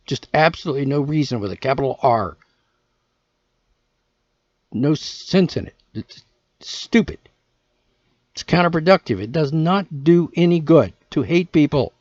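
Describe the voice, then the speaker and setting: A man hosts his own podcast and rants solo in a casual, profane, exasperated way. His voice is on the high side with a darkish tone. The recording is dull, lo-fi and dry, with no room sound.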